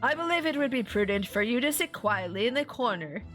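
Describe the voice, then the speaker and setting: A woman voicing a haughty, lecturing gentleman detective. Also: fairly high pitch, animated, fairly quick, soft background music. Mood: pompous. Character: pompous English gentleman detective, middle-aged man.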